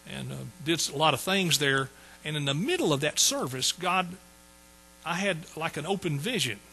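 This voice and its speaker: A folksy older man preaching a testimony, his voice bright and a little high. He repeats phrases for emphasis as he tells the story. A faint hum sits under the recording. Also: lively intonation, normal speed, rough recording. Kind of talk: sermon testimony.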